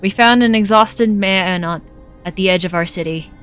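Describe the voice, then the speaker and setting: A woman streaming a game, reading its text aloud and reacting with loud jokey asides. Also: mid-range voice, moderate pace, clear, resonant tone. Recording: faint game music behind.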